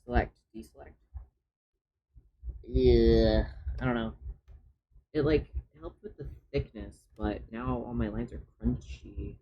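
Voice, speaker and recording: A man's voice: medium pitch, slow, pauses often, muffled recording. A man chatting on a live stream as he draws, often muttering his steps to himself as he works. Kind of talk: casual live-stream chat while drawing.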